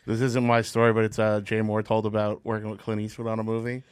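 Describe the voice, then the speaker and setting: A comedian on a podcast telling wry stories, with restarts and deadpan quotes from the people in them. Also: male voice, fairly low pitch, fast talker, clean tone, no echo. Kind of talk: casual comedic chat.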